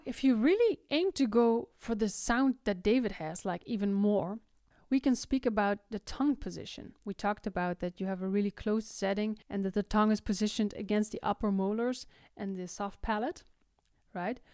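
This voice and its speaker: With a clear, resonant and slightly mellow mid-range voice, a young Dutch woman with a Limburg accent teaches singing, explaining technique, demonstrating by singing, and often checking "right?". The studio sound is clean with no echo.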